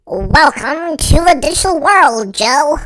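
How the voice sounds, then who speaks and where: A man voicing an eerie, robotic, disembodied voice that speaks slowly in a fan audio story. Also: extremely high pitch, very animated, a bit bright, a little hiss or hum, voice pushed up, full character voice. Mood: ominous. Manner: slow and echoing.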